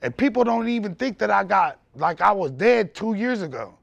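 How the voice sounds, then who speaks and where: Gravelly, loud-talking man telling his story. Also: high voice, moderate pace, dry recording, highs cut off. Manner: loud, animated, swears freely. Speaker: podcast guest. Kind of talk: candid storytelling conversation.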